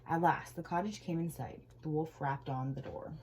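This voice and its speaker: Low-voiced woman reading a fairy tale. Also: normal speed, slight background noise, rough recording. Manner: gentle, expressive storytelling. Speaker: children's story reader. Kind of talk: storybook read-aloud.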